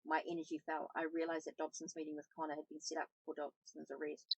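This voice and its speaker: A woman's voice: low-pitched, monotone, fast, vocal fry, breathy edge, low-quality recording. A woman reading a first-person novel aloud, with small slips and self-corrections. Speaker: audiobook reader, tarot channel host.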